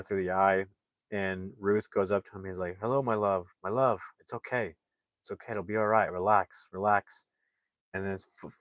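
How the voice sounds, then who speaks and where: Male film reviewer, low voice, dry close sound, loose rambling recap full of fillers. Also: no echo. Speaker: movie reviewer. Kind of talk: casual plot recap.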